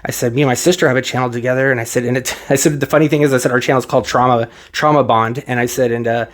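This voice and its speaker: Recording at home, a man with a mid-range voice talks quickly into a microphone, sharing a personal story with his viewers in a loose, rambling way. His tone is mostly steady, but he comes close to tears at moments, and he keeps restarting sentences, using lots of fillers and retelling what others said to him.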